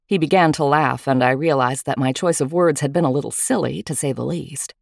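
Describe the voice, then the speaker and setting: A woman reading a first-person story aloud with a wry, lively manner. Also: very deep voice, a little fast, creaky, dry recording, clean studio sound. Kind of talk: storytelling narration.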